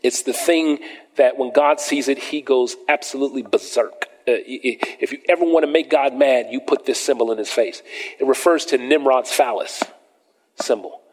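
Long hall reverb fills the recording as a medium-pitched male preacher addresses a congregation in a church sanctuary. He reads scripture with slow emphasis and asks his listeners questions.

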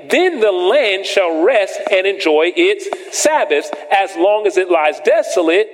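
A man preaching a sermon to a congregation, reading scripture slowly and emphatically and asking the listeners questions. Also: high voice, very animated. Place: church sanctuary with congregation. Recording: long hall reverb.

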